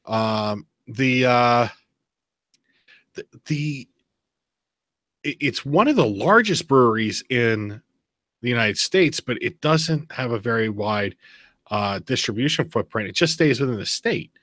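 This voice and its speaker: A bright, forceful male voice in casual podcast chat. He tells stories with animated energy and laughs easily. The sound is dry and close. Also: mid-range voice, no echo. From Pennsylvania. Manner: animated storyteller, quick laughs. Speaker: podcast host.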